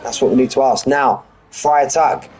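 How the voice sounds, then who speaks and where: Man, live race commentary, rambling and jokey, average pitch, faint hiss behind. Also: steady tone, normal speed, a little mellow, poor audio. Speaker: sim racing commentator.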